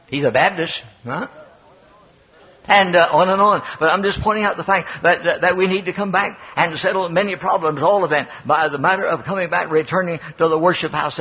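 A man's voice: on the high side, slightly rough, lo-fi sound. An older man preaching a sermon as a Baptist pastor, from Tennessee, repeating key phrases in an emphatic cadence.

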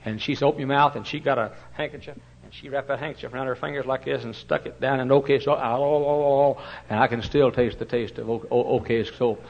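An older man preaching a sermon, swinging from loud impassioned cries to hushed, tender storytelling. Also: medium pitch, fairly even intonation, quick pace, creaky, hardly any pauses. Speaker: pastor. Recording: dull lo-fi sermon recording.

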